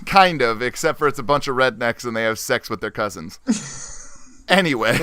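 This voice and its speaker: A man hosting a podcast in casual chat, low-key and mumbling. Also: lively intonation, measured pace, pushed and bright, clear, resonant tone, no echo. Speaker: podcast host.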